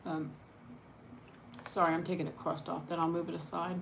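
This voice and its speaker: A woman hosting a casual eat-and-chat livestream, talking softly and rambling, with frequent laughs. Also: fairly low pitch, creaky, slight background noise. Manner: chatty, soft-spoken, rambling, laughs often. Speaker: mukbang channel host.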